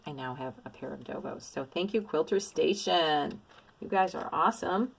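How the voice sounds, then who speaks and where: A middle-aged woman talks casually to her viewers about cross-stitch finds. Her voice sits a little low. She gushes and exclaims with plenty of enthusiasm. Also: expressive, moderate pace, vocal fry, a little hiss or hum. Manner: gushing, effusive, exclamatory. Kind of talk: casual show-and-tell haul.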